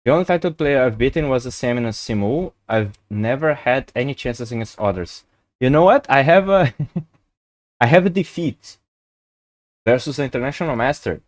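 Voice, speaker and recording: During his chess live stream, an excitable Brazilian man chats in loose, casual English, his pitch jumping up and down as he tells stories and freely swears and laughs. He speaks at a normal pace, and the recording is close and dry with almost no room sound.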